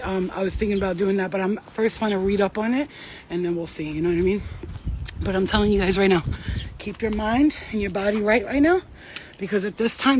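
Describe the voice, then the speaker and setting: A woman speaking outdoors while walking her dog, giving a spiritual pep talk to her followers. She talks bluntly and with fire, swearing freely in street slang. Her voice sits at an ordinary middle pitch, with a faint hum of the open air behind her. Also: darkish tone. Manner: blunt, profane, slangy and fired-up. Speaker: spiritual reader.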